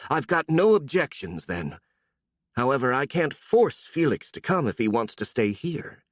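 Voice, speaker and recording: A man's voice: medium pitch, very animated, moderate pace, no echo, studio quality, pitched above the performer's own voice, lightly acted. A man voicing a smug monster queen, a man stuck in a young woman's body, in an audiobook. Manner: smug, then easily surprised.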